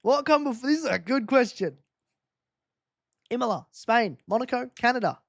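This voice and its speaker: A man's voice: extremely high pitch, expressive, normal speed, gravelly, no room sound, clean studio sound, voice pushed up, full character voice. Man putting on a mock German quizmaster. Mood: playful.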